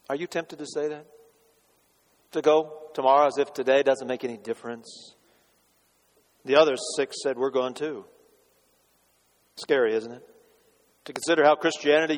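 A man, a pastor, preaching a sermon in a church and shifting between loud declarations and hushed questions to the congregation. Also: mid-range voice. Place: church sanctuary. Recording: long reverb of a church hall.

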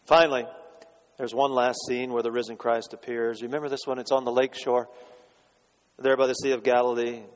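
A man delivers a sermon in a church sanctuary, his voice carrying a long reverb through the hall. He pitches in a middling range and moves between forceful declarations and quiet, pointed questions to the congregation. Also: level tone, fairly quick. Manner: dramatic, swinging from loud declarations to hushed rhetorical questions. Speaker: pastor.

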